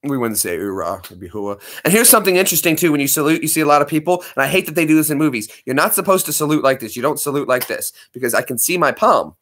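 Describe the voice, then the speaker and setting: A man in his thirties chatting casually on a livestream, rambling and cracking jokes while answering chat. His voice sits a touch high and sounds bright and sharp. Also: animated, fast talker, few pauses. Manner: rambling, joking, reads chat aloud. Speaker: livestream host.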